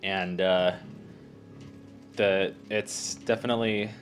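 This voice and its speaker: A man giving rambling, halting gameplay commentary as a let's play host, joking at his own expense. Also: sits low, fairly even intonation. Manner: rambling, halting, self-deprecating. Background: faint game music.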